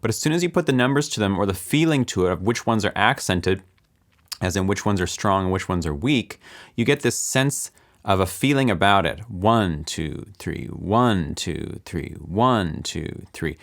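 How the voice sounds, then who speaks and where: A man teaching music production, explaining calmly with the odd um and counting beats aloud softly. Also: lowish voice, fairly quick. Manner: explains calmly with filler ums. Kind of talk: relaxed screen-recorded lesson.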